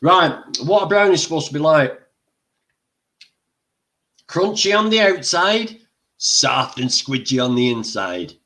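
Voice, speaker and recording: A man's voice: on the high side, fairly quick, a bit bright, lightly acted. An older British man putting on a mock food-critic voice, exaggerated and savoring the words.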